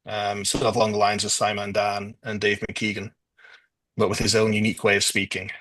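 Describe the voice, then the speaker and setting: Husky-voiced man hosting a trivia quiz. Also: on the low side, monotone, a little fast, pushed and bright, no echo, low-quality recording. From northwest England. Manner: hesitant, lots of ums. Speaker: quiz host. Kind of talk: casual quiz answer rundown.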